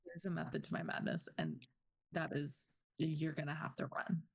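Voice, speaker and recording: A woman co-hosting a book podcast, retelling scenes bluntly with swearing and a fast, excited delivery. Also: low-pitched, gravelly, slightly rough. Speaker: podcast co-host. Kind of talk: casual book recap chat.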